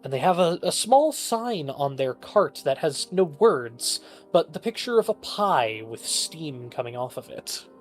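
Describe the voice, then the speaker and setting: Slow, lively woman game master. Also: deep voice, soft background music. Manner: relaxed, unhurried narration with fillers. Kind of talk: narrating a tabletop game.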